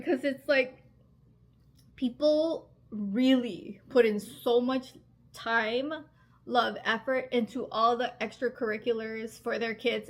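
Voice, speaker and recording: A woman in her thirties chatting casually to camera as a vlogger, gushing and emotional, with lots of filler words and frequent laughs. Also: fairly high pitch. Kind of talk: casual chatty vlog talk.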